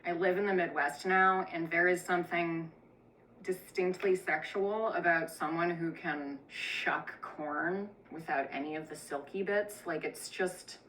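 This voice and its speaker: A woman's voice: fairly low pitch, sharp tone, a little hiss or hum, rough recording. A woman telling a profane, irreverent comic retelling of a Bible story with chatty asides. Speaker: comedic storyteller.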